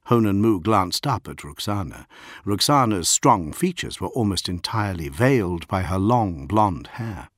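A man reading a science fiction audiobook in a measured, dramatic way. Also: low-pitched, lively intonation, no echo, clean studio sound. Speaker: audiobook narrator. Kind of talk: scripted narration of science fiction.

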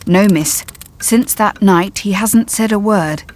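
A woman's voice: mid-range voice, slow, noisy background, lightly acted. A woman reading the part of a brusque, wary German father who speaks curtly and mutters. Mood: grave. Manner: curt, muttering.

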